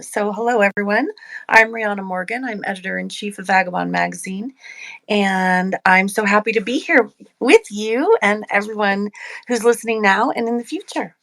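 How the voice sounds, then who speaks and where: A woman's voice: medium pitch, moderate pace, fairly bright tone. A woman co-hosting a live audio chat room as a magazine editor, cheerful and enthusiastic.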